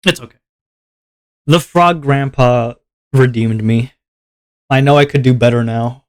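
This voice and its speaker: A streamer sketches while talking to his audience in a mid-range male voice that moves a little slowly. He's casual and rambling, teasing himself and laughing a lot.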